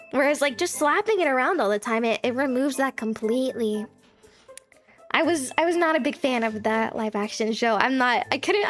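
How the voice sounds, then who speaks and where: Young female streamer, high bright pitch, bubbly and giggly, relaxed casual chat over a desk mic. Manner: bubbly, giggly, animated, quick pitch jumps when excited. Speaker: VTuber streamer.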